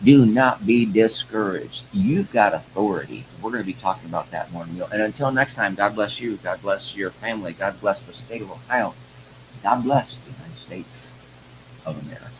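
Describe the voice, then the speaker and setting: A man's voice: fairly low pitch, fairly quick, background noise. A man hosting a live online show, talking to viewers in a folksy, rambling way that breaks into heated rants. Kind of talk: live-stream political commentary.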